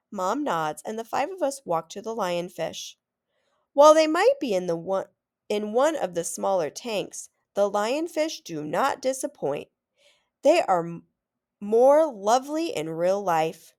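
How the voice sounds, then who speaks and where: Expressive woman reading aloud. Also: fairly low pitch, a little slow. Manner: expressive storytelling. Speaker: teacher. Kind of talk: reading a children's chapter book aloud.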